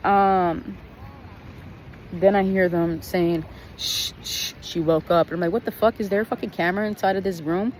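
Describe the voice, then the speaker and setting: A woman's voice: on the low side, fairly even intonation, moderate pace, a little mellow, slight background noise, low-quality recording. Blunt, profane woman venting on a vlog. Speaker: vlogger. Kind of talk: casual vlog storytelling.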